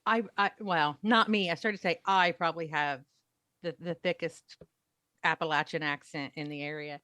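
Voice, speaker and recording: A woman's voice: low voice, fairly even intonation, moderate pace, bright, forceful tone, dry recording. A woman from Ohio co-hosting a morning radio show, teasing and dry, often restarting her sentences. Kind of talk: casual banter.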